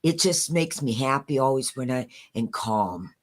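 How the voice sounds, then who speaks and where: An older woman calls in with a very low voice and a slow, unhurried pace. She is hesitant and stammers a little, but stays affectionate. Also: animated. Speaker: caller. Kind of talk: casual livestream call-in.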